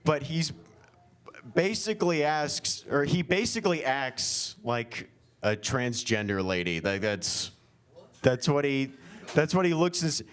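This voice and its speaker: A man's voice: medium pitch, sing-song, slow, a bit bright, smooth. A young man from Oklahoma doing an improvised stand-up set at a winery comedy show, rambling with lots of fillers and self-deprecating jokes.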